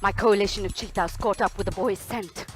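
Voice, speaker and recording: A woman's voice: mid-range voice, fairly even intonation, fairly quick, music in the background, lightly acted. A woman playing a bumbling, blustering hunter, speaking Indian English in a fussy, rambling, repetitive way. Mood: grim. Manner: fussy, rambling, repeats herself. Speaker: solo stage performer. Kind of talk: one-woman stage play.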